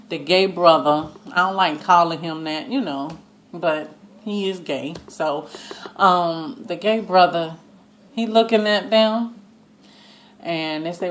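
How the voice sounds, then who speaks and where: A woman giving a casual, animated recap of a TV episode, acting out the lines as she goes and shrieking with laughter at the twists. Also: lowish voice, measured pace, a little hiss or hum. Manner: gives each line of dialogue in passing. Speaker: TV recap vlogger.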